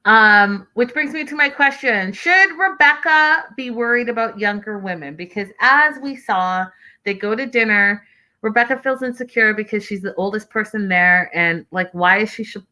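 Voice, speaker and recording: A woman hosts a reality TV recap show with a bright, forceful voice at an ordinary middle pitch. She talks in a sassy, exasperated way, ranting and mimicking the people she talks about. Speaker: host.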